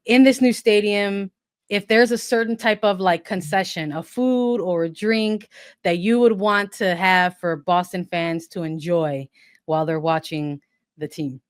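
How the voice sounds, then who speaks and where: A woman's voice: on the low side, measured pace, clean tone, no echo, studio quality. A woman co-hosting a casual interview, asking a long rambling question full of fillers and restarts. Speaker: podcast co-host.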